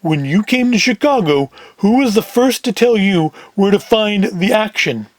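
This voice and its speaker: In a cold read of a script, a man voices a big, menacing Chicago gangster who speaks slowly, tersely and demandingly. His voice is high-pitched and expressive, with no echo.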